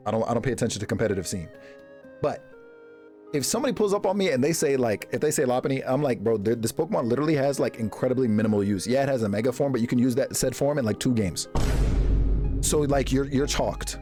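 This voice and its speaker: A man streaming live, chatting casually with his viewers and reacting to them in a jokey, animated way. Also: quick pace, soft background music. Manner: animated, jokey, reacting to chat with big pitch jumps and laughs.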